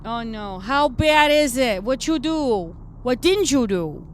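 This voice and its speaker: A woman's voice: fairly high pitch, animated, takes it slowly, a little hiss or hum. A woman playing a brash, foul-mouthed redcap fae, a tough mechanic, who chats in character on a live stream with a New York-ish accent and rambling, streetwise talk. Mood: gruff banter.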